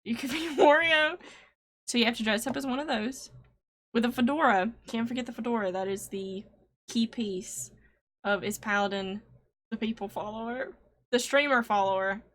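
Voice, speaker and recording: A woman's voice: on the high side, normal speed, a bit bright. A woman co-hosting a casual stream show, teasing her co-host and laughing often. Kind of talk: casual chat.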